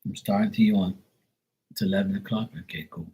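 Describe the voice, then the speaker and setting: A man's voice: lowish voice, flat delivery, brisk, warm tone. A man giving casual, profane tarot readings on a livestream, chatting loosely and laughing often between cards. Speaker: tarot reader.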